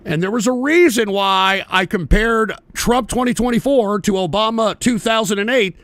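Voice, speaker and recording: A man's voice: sits high, fairly bright tone, no echo. A man hosting a political talk show, ranting aggressively and profanely and hammering his points home by repeating them.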